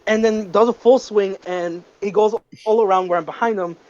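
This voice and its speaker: A teenage guy with a high voice tells a story to his friends in casual podcast chat. He is animated and curses freely. The recording sounds dull and lo-fi. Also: normal speed. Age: teens. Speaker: podcast co-host.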